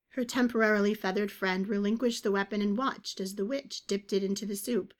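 A woman's voice: mid-range voice, fairly even intonation, a little fast, hardly any pauses. A woman hosting a podcast and reading a story aloud, her voice weak and fading in and out. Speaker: podcast host and story narrator.

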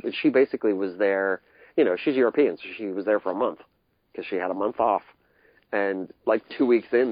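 A man's voice: lowish voice, no echo. A middle-aged man, a guest in a casual chat, rambling and laughing often. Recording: dry muffled recording.

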